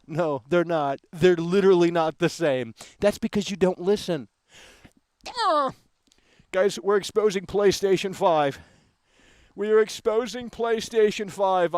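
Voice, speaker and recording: A man hosting a gaming livestream, ranting in a brash, combative way that swings into loud outbursts on a close mic. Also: high-pitched, expressive, measured pace, no room sound.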